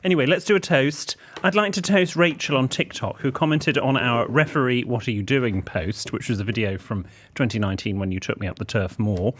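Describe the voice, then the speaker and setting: A man's voice: medium pitch, fairly quick, hardly any pauses, a bit bright. A man co-hosting a podcast who teases his co-host with playful asides in casual banter.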